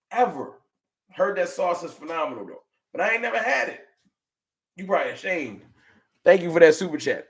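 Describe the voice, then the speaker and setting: A man hosting a fan livestream, chatting with viewers and ranting with slangy, animated trash talk. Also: fairly high pitch, a little fast. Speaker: sports fan livestream host. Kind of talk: casual livestream chat reading super chats.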